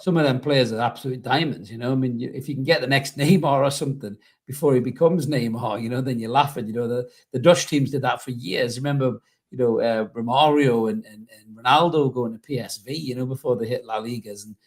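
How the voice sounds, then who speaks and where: A man's voice: mid-range voice, brisk. Chatty man, football podcast host. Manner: rambling, peppered with "you know", reads out viewer messages. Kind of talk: casual fan podcast chat.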